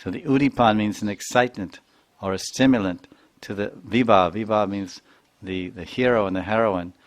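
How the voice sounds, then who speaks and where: A man, a spiritual teacher, narrating a devotional story in an animated lecture. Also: on the low side, moderate pace.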